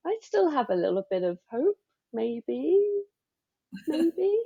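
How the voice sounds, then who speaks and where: A woman's voice: on the high side, sing-song, measured pace, creaky, warm tone, slightly rough, lo-fi sound. A woman co-hosting a book club podcast, chatting casually with wry, playful asides. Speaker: podcast co-host.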